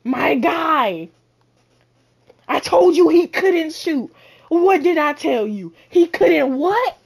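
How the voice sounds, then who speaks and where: A woman giving loud, boastful trash-talk commentary while playing a basketball video game, often shouting. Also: high-pitched, animated, slow pace, creaky. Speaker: gamer. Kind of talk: live gameplay commentary.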